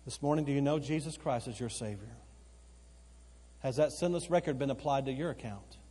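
A male pastor preaching a sermon, swinging between loud emphatic outbursts and slow, quiet, earnest stretches, repeating phrases for emphasis. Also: mid-range voice, breathy edge. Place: church sanctuary. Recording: long church hall reverb. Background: occasional congregation responses.

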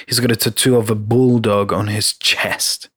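A man co-hosting a podcast in a relaxed, offhand way. His delivery stays easy and low-key. The recording is close and dry. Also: normal speed, husky, no echo. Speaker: podcast co-host. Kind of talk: casual podcast chat.

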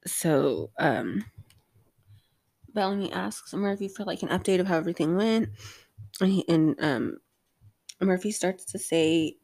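A woman's voice: on the low side, animated, unhurried, vocal fry, long pauses, a little mellow, no echo, clean studio sound. A woman hosting a casual rewatch recap of a TV episode, rambling with lots of fillers and offhand swearing.

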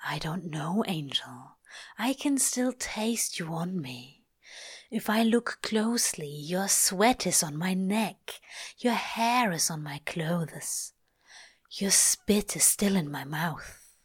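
A woman voicing a heartbroken male demon who speaks in a low, breathy whisper. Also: takes it slowly, exaggerated voice. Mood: hushed grief.

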